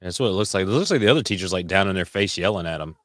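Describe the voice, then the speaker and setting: A man's voice: deep voice, lively intonation, very fast, fairly bright tone, no room sound. A man co-hosting a casual chat over a remote call, offhand and dry. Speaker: podcast co-host.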